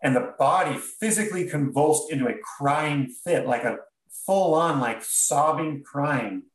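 A man, a podcast guest, telling a personal story in an earnest, halting way with many restarts. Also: a little high, roomy sound, distant mic, low-quality recording. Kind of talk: reflective storytelling.

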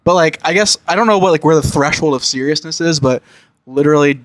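Easygoing young man, slightly high voice. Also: fast, dry recording. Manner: easygoing, reassuring, laughs often. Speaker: podcast co-host. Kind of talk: casual chat.

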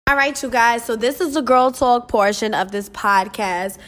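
With a fairly bright, higher voice and fairly even intonation, a young woman speaks at normal speed on her podcast. The motivational monologue is casual, emotional and sincere, full of swearing and addressed to listeners as "you guys."

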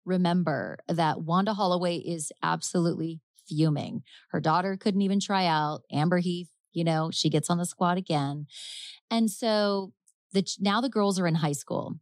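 A woman hosting a podcast, casually telling a true-crime case, chatty and quick to laugh as she acts out quotes. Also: on the low side, dry recording. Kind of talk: casual storytelling chat.

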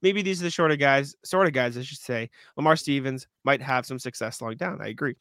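A man co-hosts a casual sports podcast, reading listener emails and trading quick jokes with his partner. He talks at a brisk clip and keeps stopping to clear his throat through hiccups. The mic is close and dry. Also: medium pitch, fairly bright tone, no echo. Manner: fast, joking banter with many asides. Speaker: podcast co-host.

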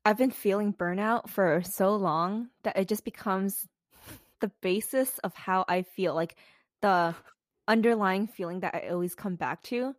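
A woman in her twenties co-hosting a casual podcast, lively and blunt, acting out what people say with big jumps in her voice. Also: measured pace, no room sound. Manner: animated, acts out quoted people with big pitch jumps, swears freely. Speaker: podcast co-host. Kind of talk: candid casual podcast chat.

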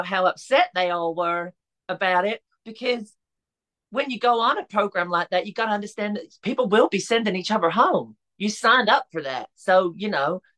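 A chatty woman talking casually on a podcast as a guest. She speaks in a relaxed, rambling way, with frequent fillers and restarts. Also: medium pitch. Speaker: podcast guest, drag performer.

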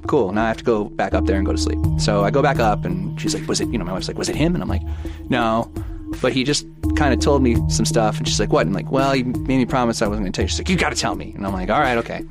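With music behind him, a man in his thirties talks fast as he casually shares a ghost story from his life, performing the dialogue between characters. His pitch is fairly low.

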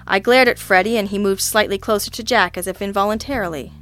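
A woman reading an audiobook in first person, with a sardonic, deadpan delivery. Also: mid-range voice, quick pace. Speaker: audiobook narrator. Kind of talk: first-person scripted narration.

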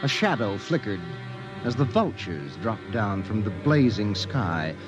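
A man's voice: on the low side, sing-song, measured pace, over music. A man narrating an old radio drama with dramatic storytelling.

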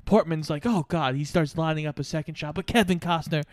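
Smooth-voiced man in casual podcast chat. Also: a little high, steady tone, quick pace, darkish tone, dry recording. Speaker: podcast co-host. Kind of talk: casual movie recap chat.

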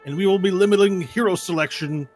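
Brassy intercom tournament announcer, high and loud, showy patter, played by a man. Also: quick pace, faint music behind. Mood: announcing.

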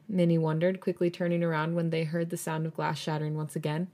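Woman podcast host reading fanfic out loud, lowish voice, casual and chatty. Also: level tone, quick pace, hardly any pauses. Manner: casual, chatty, reads with small stumbles. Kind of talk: reading fan fiction aloud with casual chat.

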